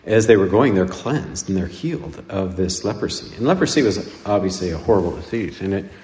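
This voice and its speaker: A man from Nebraska giving a conversational homily, rambling and halting with many restarts and fillers. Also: deep voice, lively intonation, a little mellow. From Nebraska, USA. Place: church. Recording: echoey church with long reverb.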